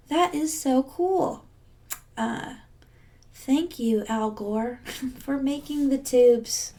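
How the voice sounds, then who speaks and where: A high-voiced woman musician chats casually between songs of an online concert streamed from home. She jokes, wanders between thoughts and pauses on ums. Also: warm tone. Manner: chatty, joking, trails off with ums. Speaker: singer-songwriter.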